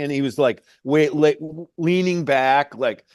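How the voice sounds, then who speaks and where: A middle-aged man tells his climbing story as a guide, loose and rambling, leaning on "like" and "hey, man". His voice sits at an ordinary pitch for a man. The sound is dry and close, with no room around it. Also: moderate pace, few pauses, clear, resonant tone, no room sound. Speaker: mountain guide. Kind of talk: casual storytelling interview.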